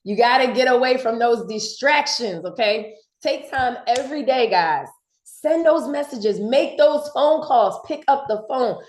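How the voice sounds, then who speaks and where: A woman from giving an excited, fast motivational sales training talk, repeating her points. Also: a little high, reverberant. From Philadelphia.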